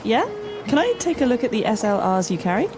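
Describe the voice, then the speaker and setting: A woman playing a confident wife shopping for a camera, brisk and a little dry, in a scripted learner dialogue. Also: a little high, big pitch swings, music in the background. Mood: brisk customer. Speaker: actor in a listening dialogue.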